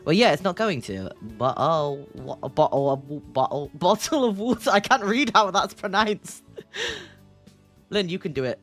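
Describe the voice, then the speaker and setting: A woman streamer chats playfully while reading a game aloud, giggling and teasing. Her voice sits on the low side with lively intonation and a moderate pace, and soft music plays in the background.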